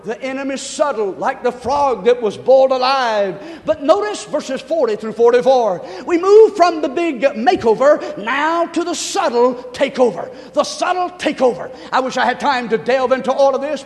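A male pastor preaching a sermon, talking fast, calling for amens and rising to shouts. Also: extremely high pitch, long reverb tail. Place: church sanctuary.

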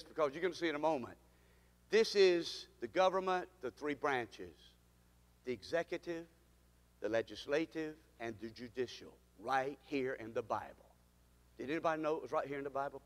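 A man preaching a sermon as pastor, leading the congregation in call-and-response, swinging between slow, loud declarations and quick asides. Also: a little high, big-room sound.

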